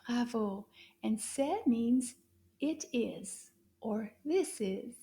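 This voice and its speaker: A woman teaching a children's French lesson, speaking slowly and encouragingly, repeating words for young learners to echo, with soft whispered asides. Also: on the high side, animated.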